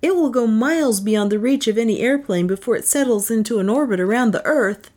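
A woman voicing a nervous, excitable male inventor who cries out in a high, urgent voice. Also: a little fast, natural voice. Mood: apologetic. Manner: shrill, urgent shouting.

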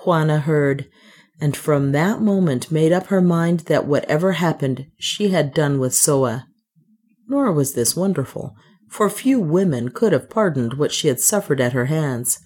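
Slow, low-voiced woman reader. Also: lively intonation, a little mellow, husky. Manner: measured narration, enthusiastic chatty asides. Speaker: audiobook reader. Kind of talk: reading a classic novel aloud, then casual commentary.

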